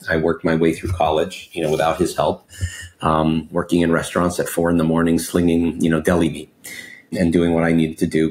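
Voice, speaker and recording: Very low-voiced man, forties, from Mexico, interview guest, expressive storyteller, says "you know" a lot. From Mexico, raised in Los Angeles. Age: 40s. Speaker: guest entrepreneur.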